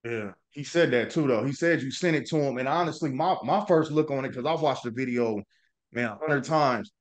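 A man hosting an interview, speaking in a casual, easygoing way as he asks measured questions. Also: medium pitch. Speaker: interview host.

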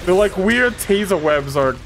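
A woman commentating her gameplay casually, excitable, swearing and trash-talking enemies. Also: fairly low pitch, moderate pace, slight background noise. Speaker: gaming streamer.

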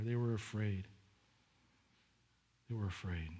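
A man's voice: medium pitch, moderate pace, pauses often. A man preaching a sermon as pastor, reading scripture and acting out the voices of people in the story. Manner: animated, acts out voices of the women and disciples.

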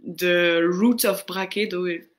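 A woman with a French accent giving casual French lessons, answering viewer questions with frequent pauses and fillers. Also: lowish voice, steady tone. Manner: unhurried, answering viewer questions, greets chatters; hesitant, many fillers. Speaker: French tutor on a live stream.

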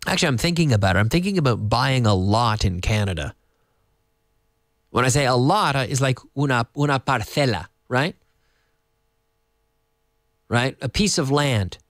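Brief: male teacher, animated delivery, dry close sound. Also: medium pitch, no room sound. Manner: lively, explains slowly with repetition and Spanish glosses. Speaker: English teacher. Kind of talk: casual online English lesson for Spanish speakers. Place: in Madrid.

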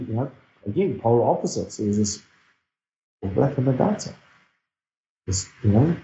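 A man's voice: mid-range voice, mellow. Earnest middle-aged New Zealand man, echoey. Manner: earnest, reflective storyteller. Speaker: guest speaker. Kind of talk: personal storytelling in a podcast interview. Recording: dull, echoey recording.

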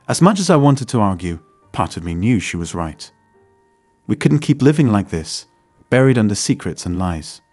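A man narrating a first-person story in a steady, scripted way. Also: on the low side, moderate pace, husky, no echo, soft background music.

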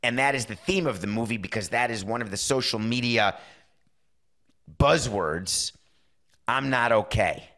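A middle-aged man with a mid-range, expressive, sharp-toned voice hosts a sports podcast. He talks casually and with strong opinions, acting out little bits of dialogue in quick asides during his monologue.

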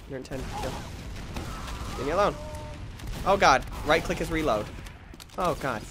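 A man hosting a gaming channel, giving excitable let's play commentary that swings into yelps and shouts when frustrated, often mocking himself. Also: fairly high pitch, measured pace, background noise.

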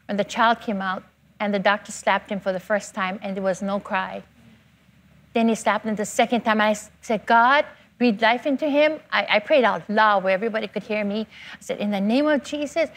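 A woman's voice: medium pitch, a bit bright. An older woman telling her personal testimony in a church interview, emotional and fervent, repeating herself for emphasis. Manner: fervent, emotional storytelling with repetition. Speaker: church member giving testimony.

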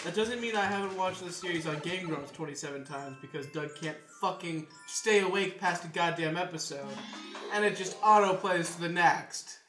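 A man's voice: high-pitched, moderate pace, pushed and bright. A man giving sardonic, swearing banter while watching a video game being played. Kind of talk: casual gameplay commentary. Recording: echoey room with game music.

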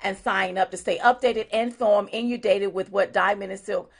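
A woman's voice: medium pitch, fairly even intonation, a little fast, vocal fry. A woman co-hosting a casual livestream chat, talking emphatically and greeting viewers by name. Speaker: co-host.

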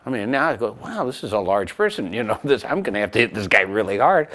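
Man, middle-aged, low voice, very lively pitch, self-mocking anecdote. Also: quick pace. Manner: self-mocking, animated storytelling. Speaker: composer recalling a story. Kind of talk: interview anecdote.

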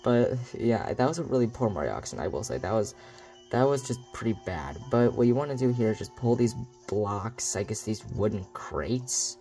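Sarcastic rambling gamer, mellow tone. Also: male voice, lowish voice, expressive, moderate pace, faint music behind. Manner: rambling, sarcastic, self-mocking. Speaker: let's play host. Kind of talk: let's play commentary.

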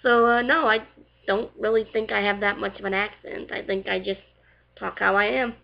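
A woman's voice: medium pitch, steady tone, moderate pace, creaky, dull audio. A young woman with a light Southern US accent, chatting casually through viewer questions in a rambling way, full of fillers. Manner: chatty, rambling, heavy on fillers like "like" and "you know". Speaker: vlogger answering viewer questions. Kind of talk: casual Q&A vlog.

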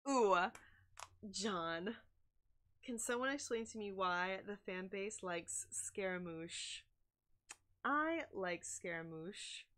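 A woman's voice: mid-range voice, animated, slow pace, long pauses, fairly bright tone. A young woman chatting casually and gushing while she streams a video game, with lots of likes and oh my gods. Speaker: gaming streamer. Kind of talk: casual live-stream chat while playing.

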